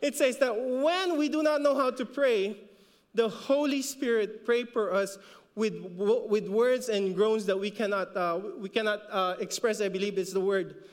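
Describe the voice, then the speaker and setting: A man's voice: sits high, moderate pace, in a large hall. A man with a Filipino accent preaching a sermon as a pastor, repeating words for emphasis and rising when he exhorts. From Philippines.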